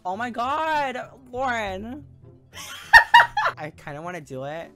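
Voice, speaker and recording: A man's voice: high voice, unhurried, soft background music. A man streaming a video game, reacting dramatically with gasps and exclamations. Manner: dramatic, gasping, excitable.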